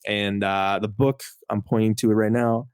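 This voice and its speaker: Guy, kinda low voice, rambly animated storytelling w lots of "like", dry studio mic. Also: normal speed, clean tone, dry recording. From Canada. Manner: animated storyteller, fills speech with "like", acts out quoted lines. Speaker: podcast guest, comic collector. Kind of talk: casual storytelling chat.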